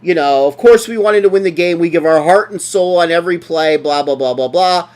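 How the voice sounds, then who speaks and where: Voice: medium pitch, a little fast, a little mellow. A podcast co-host in casual sports chat, ranting and mocking with lots of swearing.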